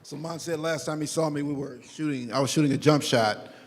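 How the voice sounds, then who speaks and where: A man's voice: fairly high pitch, a little fast. A man hosting a community forum, joking informally with the candidates as he calls them up. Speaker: forum host. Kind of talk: casual emcee banter. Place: large meeting hall. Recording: distant, long hall reverb, faint noise.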